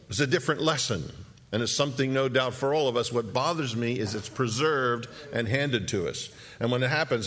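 Middle-aged guy pastor going verse by verse, slow reading then quick jokey asides, even mid voice. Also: mid-range voice. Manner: reads scripture slowly, then comments in a quick, joking aside. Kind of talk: Bible teaching sermon.

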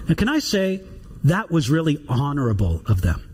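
A man preaching a sermon, reading scripture aloud and explaining it in an animated way. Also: a little high, normal speed, slightly rough. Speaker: pastor.

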